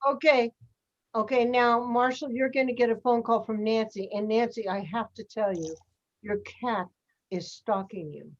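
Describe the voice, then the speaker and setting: A woman's voice: on the high side, steady tone, normal speed. A woman teaching an acting class, giving directions and encouragement over a video call. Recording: dull video-call audio.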